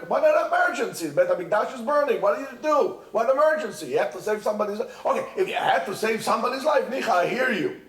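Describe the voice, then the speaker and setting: A man's voice: extremely high pitch, lively intonation, fast, a bit bright. A man teaching a Torah lesson at a yeshiva, impassioned, repeating himself and restarting phrases. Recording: echoey room.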